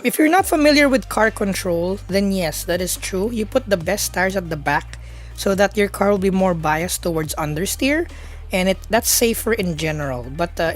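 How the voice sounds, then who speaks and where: A woman streams a racing game and chats loosely with her viewers, rambling through fillers and restarts. Her voice sits a little low. Faint music plays underneath. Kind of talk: casual live-stream chat.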